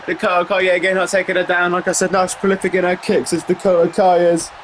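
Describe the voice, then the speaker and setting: A man giving play-by-play commentary over a wrestling video game, getting excited on big moves and rambling into asides full of fillers. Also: high-pitched, quick pace, slight background noise. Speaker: gameplay commentator.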